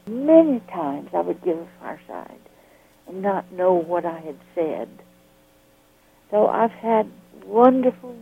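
An older woman from the Southern United States recalls her experiences in an interview, slipping into the voices of the people in her stories. Her voice is husky, and she talks slowly. The sound is thin and tinny, like a phone line. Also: mid-range voice. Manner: lively storyteller who acts out quoted dialogue. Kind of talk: storytelling reminiscence.

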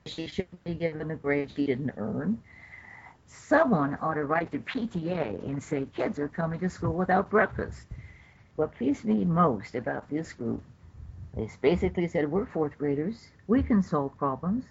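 A woman's voice: low voice, measured pace, husky. An older woman, a judge, telling stories in an interview and acting out what others said. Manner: animated storyteller acting out quotes. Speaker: federal judge. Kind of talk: interview storytelling. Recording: dull lo-fi recording.

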